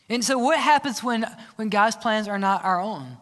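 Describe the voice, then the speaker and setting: Male pastor, sermon, earnest and emphatic, bright tone, long church reverb. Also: high voice, lively intonation, normal speed, hardly any pauses. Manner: earnest, emphatic, asks the congregation questions. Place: church sanctuary.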